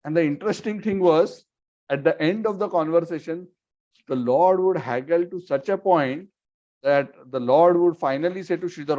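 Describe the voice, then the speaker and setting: A man tells a devotional story in a loose, conversational way, with plenty of "you know" fillers. His voice sits a little high, and the recording is dull and lo-fi. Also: normal speed, a little mellow. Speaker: devotional speaker.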